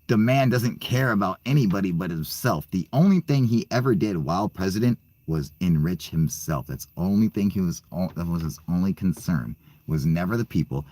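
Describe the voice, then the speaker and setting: A man's voice: low voice, lively intonation, fairly quick, few pauses, darkish tone, no room sound. A young man hosting his own channel, ranting profanely in a rambling, stammering way and laughing between points. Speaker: channel host. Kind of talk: ranting casual monologue.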